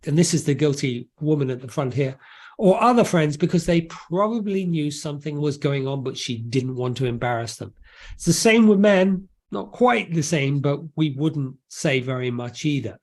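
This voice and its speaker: A man explains his work as a guest in a relaxed interview. His voice sits a bit high, and he keeps it lively with jokes, asides and quick restarts. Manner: animated, jokey, restarts and asides. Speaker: author and guest.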